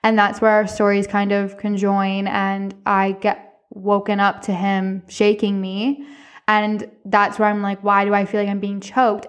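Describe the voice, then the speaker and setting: A woman hosting a podcast, telling a personal ghost story in a chatty, animated way. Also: medium pitch. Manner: chatty, animated retelling with profanity. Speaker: podcast host. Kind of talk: casual storytelling monologue.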